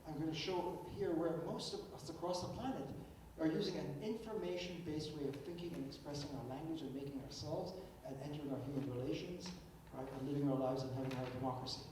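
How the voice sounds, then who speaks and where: An older man gives an emphatic philosophical keynote lecture, often repeating words as he restarts a thought. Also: fast talker. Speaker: keynote speaker. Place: lecture hall. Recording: echoey hall, distant mic, faint rumble.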